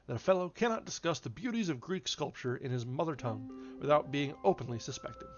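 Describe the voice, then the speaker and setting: A man's voice: a little high, lively intonation, brisk, natural voice. A man voicing a jovial young male sculptor who teases and mock-protests. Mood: teasing. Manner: teasing, mock-indignant. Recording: slightly dull, faint music behind.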